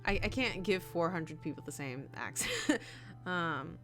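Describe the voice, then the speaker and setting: A woman's voice: lowish voice, big pitch swings, normal speed, vocal fry, over music. Chatty woman streamer. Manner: chatty, rambling with fillers. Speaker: gameplay streamer. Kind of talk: casual let's play commentary.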